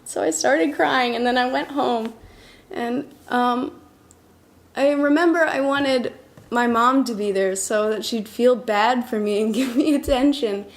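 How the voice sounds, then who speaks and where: Higher-voiced woman telling a story. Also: a little slow. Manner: chatty, with fillers and small laughs. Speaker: interviewee telling a personal story. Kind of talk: casual personal storytelling.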